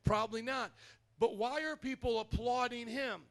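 A man preaching a sermon in a church, energetic and conversational, calling out to his congregation. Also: very high-pitched, moderate pace. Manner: energetic, conversational preaching with audience call-outs. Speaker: pastor.

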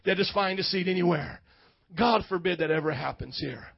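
A male pastor preaching a sermon, animated and leading call-and-response with his congregation. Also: high-pitched, normal speed, creaky, dull audio.

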